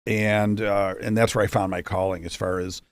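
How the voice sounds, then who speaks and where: A man's voice: fairly low pitch, little pitch movement, normal speed, clean tone, no echo. A man in his fifties from Rochester, New York, a guest telling his story in a chatty, joking way with many asides. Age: 50s. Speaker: guest, entrepreneur. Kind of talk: casual storytelling.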